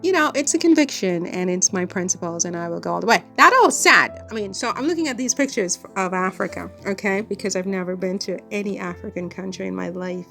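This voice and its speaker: A woman's voice: mid-range voice, animated, a little fast, vocal fry, hardly any pauses, fairly bright tone, soft background music. A woman chatting to camera in a rambling vlog, laughing often between thoughts. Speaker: vlogger. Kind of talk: casual chat to camera. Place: home in France.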